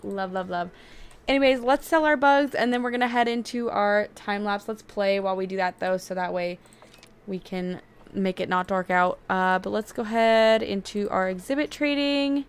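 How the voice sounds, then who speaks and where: Excitable young woman narrating gameplay. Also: mid-range voice, smooth. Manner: chatty and excitable, quick to get frustrated. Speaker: video game streamer. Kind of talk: casual gameplay commentary.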